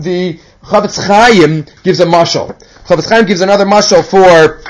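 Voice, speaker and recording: A man's voice: high-pitched, poor audio. A man giving a casual Torah class, mixing Hebrew quotes into conversational English. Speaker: Torah teacher.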